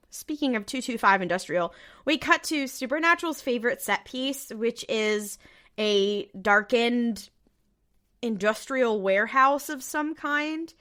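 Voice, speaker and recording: A woman's voice: a little high, animated, slow, a bit bright. Laughing young woman podcast host. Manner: rambling, laughs often, acts out quotes. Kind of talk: casual chat recapping a TV episode.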